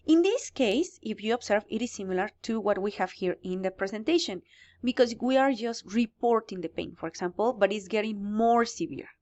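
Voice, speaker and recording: A woman's voice: medium pitch, lively intonation, a little fast, a little mellow, muffled recording. A woman teaching English grammar in a recorded lesson, explaining step by step and answering her own questions.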